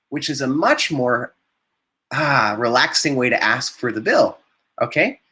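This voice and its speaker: This is a man leading a live online Spanish class, with a clearly bright, forward-sounding voice. He models vocabulary, explains pronunciation, and keeps praising his students as he goes. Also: mid-range voice, animated, measured pace. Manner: encouraging, repeats words and praises students.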